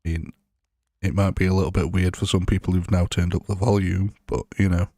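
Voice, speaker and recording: A man's voice: deep voice, little pitch movement, a little fast, mellow, dry recording. A man hosting a live gaming stream, chatting playfully with viewers on a close microphone. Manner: chatty, playful, jumps between silly and serious. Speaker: livestream gaming host. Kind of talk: casual live-stream chat. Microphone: close desk microphone.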